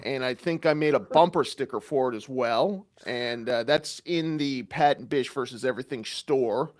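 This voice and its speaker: A Canadian man co-hosting a podcast in loose comic banter. His delivery is rambling and deadpan, with a steady mid-range pitch, lots of "uh" and "um," and a habit of mocking himself. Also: normal speed. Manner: rambling, deadpan self-mocking, many fillers. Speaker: podcast co-host. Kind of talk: casual comedic podcast banter.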